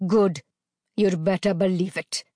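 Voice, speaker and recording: A woman's voice: fairly low pitch, steady tone, a little slow, darkish tone, no room sound, clean studio sound, lightly acted. A woman reading aloud, putting on the voice of a brutal, menacing man who snarls out demands.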